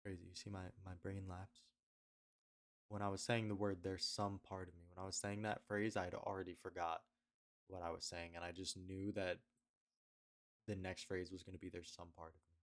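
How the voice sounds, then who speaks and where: A man's voice: sits low, flat delivery, moderate pace. A young man rambling through a confessional video diary at home on his webcam, trailing off and repeating himself. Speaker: video diarist.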